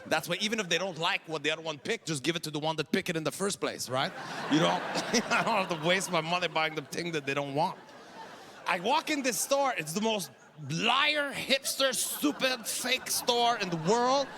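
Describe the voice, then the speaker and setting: High-voiced ranting man, Quebec French accent. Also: expressive, normal speed, gravelly, a crowd in the background. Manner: ranting, exasperated, shouts punchlines. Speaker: stand-up comedian. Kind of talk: stand-up set. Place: comedy festival stage. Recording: noisy live stage recording.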